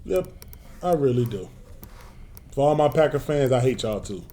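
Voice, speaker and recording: A man's voice: medium pitch, lively intonation, normal speed, dark tone. A man co-hosting a casual sports talk show, speaking in a blunt way and laughing at his own jabs. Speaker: co-host.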